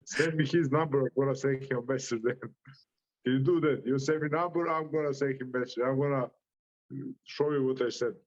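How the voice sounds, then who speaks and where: A man's voice: medium pitch, steady tone, fairly quick, muffled recording. A man with a Croatian accent, a boxer giving an interview full of brash, profane trash talk and frequent laughs. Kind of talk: interview reaction.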